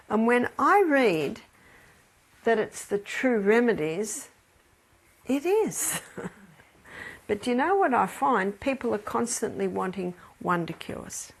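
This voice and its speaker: Gravelly Australian woman telling stories. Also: medium pitch. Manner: chatty, laughs between anecdotes. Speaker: health educator. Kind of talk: storytelling lecture.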